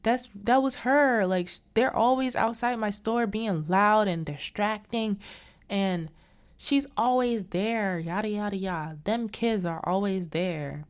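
A woman's voice: mid-range voice, unhurried, clear, resonant tone, voice pushed up, lightly acted. A woman voicing a brash, defensive shop owner while retelling a film scene. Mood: dismissive.

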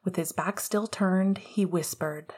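A woman narrating a fan-fiction audiobook in a soft, hushed voice that often drops close to a whisper. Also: lowish voice, steady tone, takes it slowly, breathy edge.

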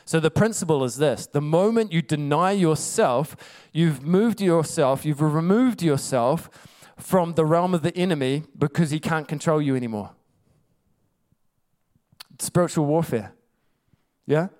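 Man preaching a sermon, smooth clear voice a bit on the high side, chatty and emphatic. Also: lively intonation, unhurried, a little mellow. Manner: emphatic, conversational storytelling.

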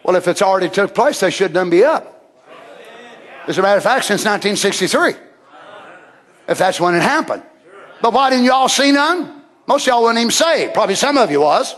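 A man preaching a sermon, fervent and building to shouts. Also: high-pitched, very animated, brisk, pauses often.

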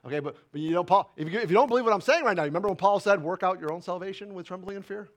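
A male pastor preaching a sermon with fervent bursts of loud emphasis that drop into quiet asides. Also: sits high, racing. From Italian heritage.

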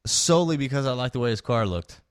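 A man co-hosting a podcast in casual chat, rambling and hesitant, often pausing and restarting. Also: medium pitch, expressive, dry recording, studio quality. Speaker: podcast co-host.

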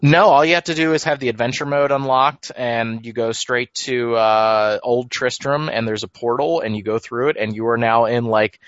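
A man's voice: mid-range voice, fairly even intonation, normal speed, hardly any pauses, fairly bright tone, no echo. Guy rambling about video games on a podcast, dry muffled audio, keeps restarting his sentences. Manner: rambling, self-interrupting, enthusiastic. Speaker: podcast co-host. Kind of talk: casual gaming chat.

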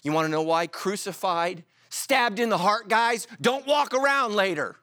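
A man's voice: sits high, normal speed, no echo, clean studio sound. A middle-aged man preaching a sermon as a pastor, telling stories with jokes and acting out quotes. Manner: animated storytelling with jokes and acted-out quotes.

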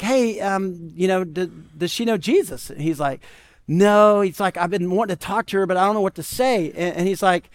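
A male pastor preaching a conversational sermon, telling stories and often asking "right?". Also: high-pitched. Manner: conversational, animated storytelling with frequent "right?".

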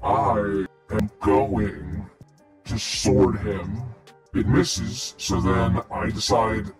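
A man's voice: fairly low pitch, very slow, darkish tone, soft background music. A man playing a tabletop game, brash and swearing freely. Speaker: player.

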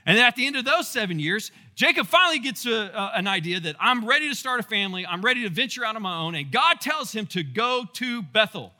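A male pastor giving a casual Bible teaching, telling the story in a playful, animated way with asides to the congregation. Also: sits high, fast talker, hardly any pauses.

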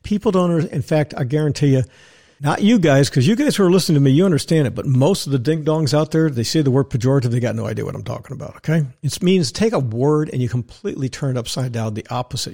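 Blunt, husky older man ranting. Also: fast talker. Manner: blunt, ranting, animated, mocks others in put-on high voices. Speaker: podcast host. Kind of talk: opinionated solo talk.

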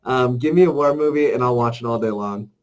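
A man's voice: medium pitch, a little fast. A man co-hosting a casual chat, upbeat and enthusiastic, reading out listener questions. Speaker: co-host.

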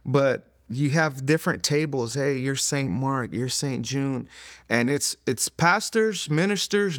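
A middle-aged man telling his testimony in an interview, earnest and conversational, full of "you know" fillers and dropping to a hush at emotional moments. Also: mid-range voice, dry recording, studio quality. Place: recorded interview in a studio room.

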